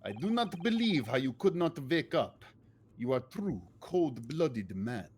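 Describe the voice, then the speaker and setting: Stern Swedish sailor man, a guy doing the voice, slow, gruff grunts, pushy. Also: mid-range voice, big pitch swings, a little mellow, a little hiss or hum. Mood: accusing. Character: stern adult male Swedish sailor, accusing and threatening.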